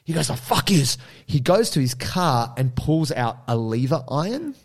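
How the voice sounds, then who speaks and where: A man's voice: a little high, moderate pace. A young man with an Australian accent, telling a story in casual, rambling chat. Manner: animated, rambling, many fillers.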